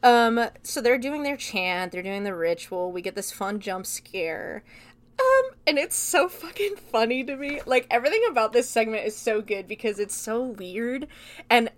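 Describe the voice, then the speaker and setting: A woman's voice: a little high, lively intonation, normal speed. A young adult woman giving a casual, chatty film review, retelling scenes loosely with swearing and laughter.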